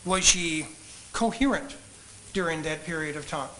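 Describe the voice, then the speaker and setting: A man examining a witness in a courtroom, asking measured, polite, leading questions. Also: a little high, bright, forceful tone, poor audio. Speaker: trial attorney questioning a witness.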